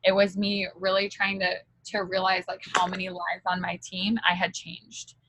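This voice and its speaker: A woman's voice: on the low side, monotone, normal speed, noisy background. A woman giving a candid motivational talk as a direct-sales team leader, chatty and full of fillers.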